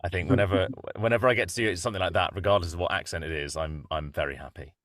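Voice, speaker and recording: A man, a voice actor guest, talking slowly and hesitantly in a casual interview. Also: sits low, fairly bright tone, no echo, studio quality. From United Kingdom. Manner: slow, hesitant, thoughtful.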